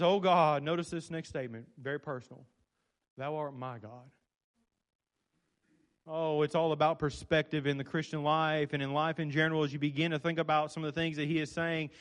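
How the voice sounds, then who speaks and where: High-voiced preacher in a reverberant hall. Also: male voice. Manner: swings between loud fervent and soft low delivery. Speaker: pastor. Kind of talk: sermon.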